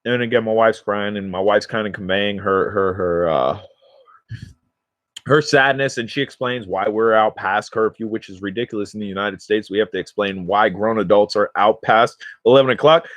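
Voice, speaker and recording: A man's voice: lowish voice, normal speed, fairly bright tone, no echo. A man casually telling a rambling story straight to his viewers in slangy, everyday speech, speaking close to the mic. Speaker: cannabis vlogger.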